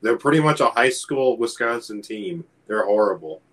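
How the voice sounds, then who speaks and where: Man podcast co-host, mid-pitched, blunt, cusses, grumbles at bad luck. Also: animated, normal speed, a bit bright, low-quality recording. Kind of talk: casual sports podcast chat.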